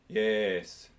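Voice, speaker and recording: A man doing a stand-up comedy set, awkward and self-mocking, who keeps laughing at his own jokes. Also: on the low side. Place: small comedy club.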